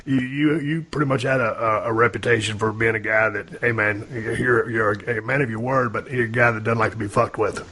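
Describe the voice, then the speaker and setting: A man with a drawl hosting a podcast, asking questions in a relaxed, rambling way. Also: mid-range voice, fairly quick, few pauses. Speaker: podcast host. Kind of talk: casual interview chat.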